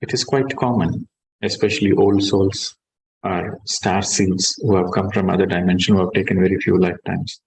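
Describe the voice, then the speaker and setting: Calm low-voiced meditation teacher. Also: male voice, a little hiss or hum, poor audio. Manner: calm, measured, stresses key words. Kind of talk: guided meditation and spiritual talk.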